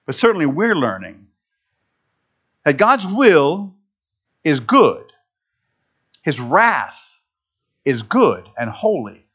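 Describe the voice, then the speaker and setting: Animated, joking male preacher. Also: on the high side, slow pace, long pauses, husky. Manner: animated, humorous, self-interrupting. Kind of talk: conversational sermon. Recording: dull lo-fi recording.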